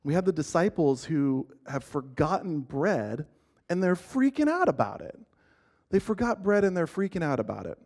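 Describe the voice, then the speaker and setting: A man's voice: on the high side, big pitch swings, normal speed, a little mellow. Casual man teaching a church lesson. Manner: casual, conversational, asking the group questions; frequent restarts and filler words.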